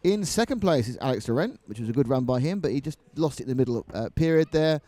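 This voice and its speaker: A man's voice: mid-range voice, expressive, fast, warm tone, no room sound. A man commentating live on a model car race, mixing race calls with jokey banter.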